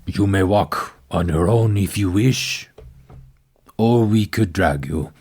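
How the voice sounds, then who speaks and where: Man voicing a gruff orc guard, deep and blunt, tabletop game. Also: takes it slowly, a little mellow, full character voice.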